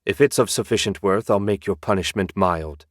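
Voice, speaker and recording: A man's voice: on the low side, normal speed, no echo, clean studio sound, close to an everyday voice. A man voicing a cold, proud male necromancer lord in an audiobook, speaking in a haughty tone. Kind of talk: audiobook character voice.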